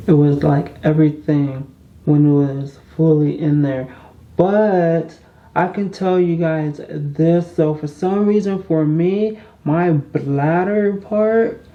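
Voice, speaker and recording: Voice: medium pitch, muffled recording. A vlogger telling a personal story in a casual storytime vlog, candid and chatty, often turning to talk straight to the viewers and repeating phrases.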